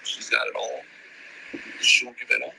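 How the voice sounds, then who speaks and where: A man's voice: normal speed, sharp tone, a little hiss or hum, rough recording. A man in a played clip, playing a robbed, stranded traveler pleading to get his passport back and go home. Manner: pleading, despairing.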